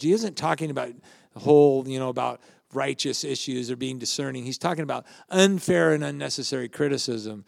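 A man's voice: mid-range voice, fairly quick, vocal fry, no room sound, clean studio sound. An older man, a pastor, giving a conversational sermon with family anecdotes and questions to the congregation.

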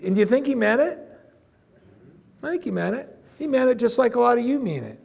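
Gravelly-voiced pastor in his fifties. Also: very high-pitched, expressive, a little fast, long pauses, darkish tone. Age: 50s. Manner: conversational, emphatic, addresses congregation directly. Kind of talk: sermon.

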